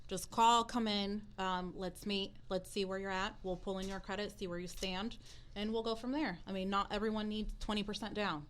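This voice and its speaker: Brisk woman guest heard off-mic. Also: mid-range voice, fairly even intonation. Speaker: mortgage professional guest. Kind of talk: casual interview answers.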